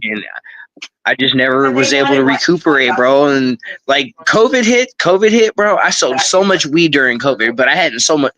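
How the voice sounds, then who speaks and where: A man's voice: mid-range voice, lively intonation, moderate pace, fairly bright tone, poor audio. A man co-hosting a podcast in casual chat, bragging and swearing, ending nearly every sentence with bro. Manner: boastful, profane, says bro often. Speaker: podcast co-host.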